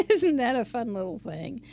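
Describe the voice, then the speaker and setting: A woman hosting a crafting video, chatting casually and thinking aloud as she shows cards, often trailing off softly. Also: on the high side, animated, measured pace, slight background noise. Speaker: crafting channel host. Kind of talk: casual crafting show-and-tell.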